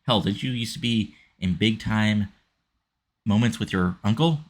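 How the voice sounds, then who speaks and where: A man's voice: lowish voice, a little slow. A man voicing a cocky young male wrestler who talks in a sneering, condescending way. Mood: smug.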